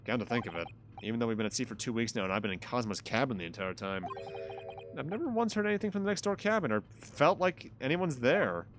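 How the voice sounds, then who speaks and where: A man's voice: mid-range voice, expressive, fast, a little hiss or hum, voice pushed down, lightly acted. A man voicing a polite hesitant young hero.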